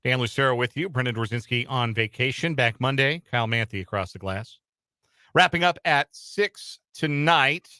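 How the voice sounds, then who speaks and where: A male sports radio host with a bright, forceful voice that sounds smooth and resonant. He talks in a loose, chatty way, stumbling over a few repeats and uh fillers. He is recorded dry and close on a studio microphone. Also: medium pitch, moderate pace, no echo.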